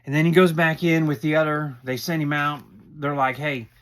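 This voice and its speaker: A man talks through a reality show episode in a loose, rambling way, full of asides and quick restarts. His voice sits a little higher than most men's. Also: steady tone, fairly bright tone. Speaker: show recap host. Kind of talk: casual recap commentary.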